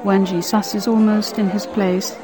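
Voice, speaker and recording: A woman narrating a religious story in a measured, solemn reading. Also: medium pitch, little pitch movement, a crowd in the background. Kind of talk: scripted narration of a devotional story. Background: faint instrumental music.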